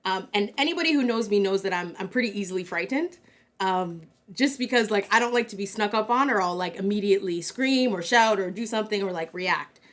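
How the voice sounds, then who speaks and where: A woman's voice: mid-range voice, lively intonation, fairly quick, a bit bright. A young woman from Canada co-hosting a casual talk show, telling a story in a chatty way with lots of fillers and acted-out quotes. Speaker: co-host.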